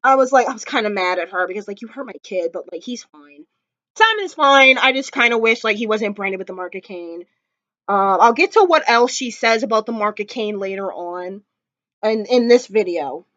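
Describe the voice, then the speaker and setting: A woman's voice: medium pitch, lively intonation, normal speed, fairly bright tone, no echo. A woman vlogger recapping a TV episode in casual chat, gushing and emotional, with lots of fillers. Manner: gushing, emotional fan talk with many fillers; close to tears at times. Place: indoors at home. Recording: dry, slightly dull home recording.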